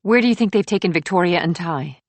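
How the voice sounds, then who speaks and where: A tense female detective with a raised, urgent voice, as a male narrator puts her on. She fires questions quickly and pushes the case forward. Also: high voice, no room sound, pitched above the performer's own voice.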